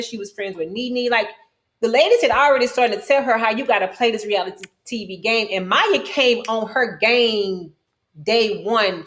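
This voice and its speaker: Animated woman telling a story. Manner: animated, quoting herself with sharp pitch jumps. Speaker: guest, reality TV cast member. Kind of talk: casual storytelling interview.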